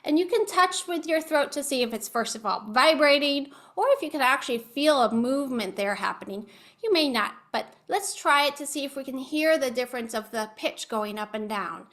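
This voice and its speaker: A woman's voice: high voice, expressive, normal speed, a bit bright. A woman speech-language pathologist giving an online educational presentation over a video call. She patiently coaches listeners through voice exercises.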